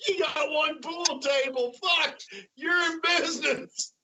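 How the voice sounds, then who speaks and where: A woman's voice: high voice, takes it slowly, bright, forceful tone, distant mic. A woman on a podcast heckling the host in a brash, foul-mouthed way. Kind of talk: casual chat. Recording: noisy, away from the mic.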